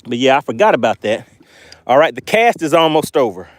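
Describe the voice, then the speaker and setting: Chatty fishing livestream host, dry close sound. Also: male voice, mid-range voice, big pitch swings, fairly quick, no echo. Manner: chatty, reads viewer comments aloud, laughs often. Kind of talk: live stream chat from a boat. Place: outdoors on a fishing boat.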